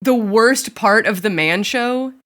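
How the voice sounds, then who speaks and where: A woman's voice: fairly high pitch, takes it slowly, a bit bright. A woman guest on a comedy podcast, chatting casually, laughing often and acting out quotes.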